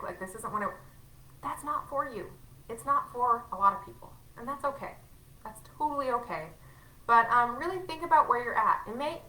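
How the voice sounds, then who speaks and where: With a fairly high, sharp-toned voice, a female sales team leader delivers a frank and forceful training session in everyday speech, now and then performing conversations. The low-quality recording was made in an echoey room.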